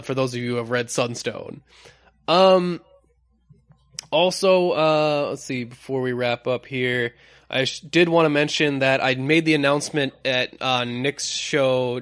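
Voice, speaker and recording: A man co-hosting a podcast in a casual, rambling way, stopping often to search for words. His voice sits at a middle pitch. The recording is dry and close, with no room sound. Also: a bit bright, dry recording. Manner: rambling, with many uh fillers. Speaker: podcast co-host. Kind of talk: casual chat.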